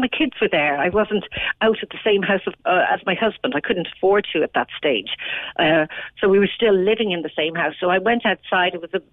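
Irish woman, fifties, calling in; low, earnest, halting; tinny phone line, dry. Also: dry recording. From Ireland. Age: 50s. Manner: earnest, halting, many restarts. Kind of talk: emotional personal account.

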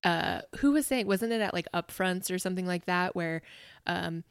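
A woman co-hosting a podcast, chatting quickly and gossiping with questions for her co-host. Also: on the low side, clear, resonant tone, dry recording, studio quality. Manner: quick gossipy chat, asks follow-up questions. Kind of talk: casual chat.

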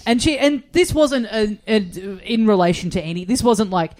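Animated woman telling a story. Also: a little high, moderate pace. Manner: animated storyteller, acts out quoted voices. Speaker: podcast guest. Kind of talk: casual podcast chat.

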